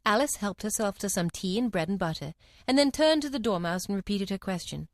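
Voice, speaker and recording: A woman narrating a storybook in an expressive, lively reading. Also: medium pitch, brisk, dry recording, studio quality.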